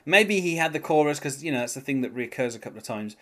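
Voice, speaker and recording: A man's voice: medium pitch, animated, quick pace, bright, forceful tone. A man hosting a casual music podcast, talking hesitantly with many restarts and light laughs. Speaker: podcast host.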